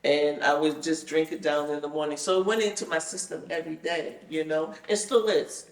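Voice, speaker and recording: A woman tells her story in a loose, lively way and acts out each exchange she remembers. Her voice sits a bit back from the mic, and the room around her rings with echo. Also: low voice, brisk. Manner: animated, acts out the conversations she retells. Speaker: guest telling her experience. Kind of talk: casual storytelling. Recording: roomy sound, mic at a distance.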